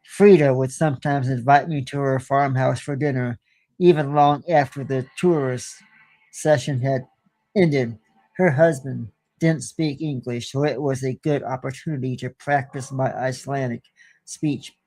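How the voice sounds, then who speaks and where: A man hosting a show and telling a horror story slowly and deliberately, with small stumbles now and then, into a close studio mic. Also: medium pitch, steady tone, a little mellow, no room sound. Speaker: host and storyteller.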